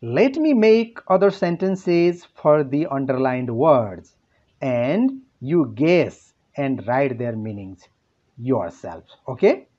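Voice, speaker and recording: A male English teacher with a Nepali accent walks pupils through a lesson, asking questions and answering them himself. His pitch rises and falls a lot, and the delivery is very unhurried. The voice is a little husky, and the recording sounds dull and lo-fi. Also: lively intonation, mellow. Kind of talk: classroom lesson narration.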